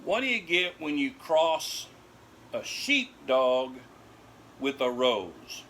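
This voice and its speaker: An older man reading out corny dog puns at home, unhurried, laughing at each punchline and walking through why it's funny. His voice is bright and it swings lively up and down. A faint hum of room ambience sits under it. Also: a little high. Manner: chuckles at his own puns and explains them. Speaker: amateur comedian telling jokes to his dogs. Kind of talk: corny joke routine.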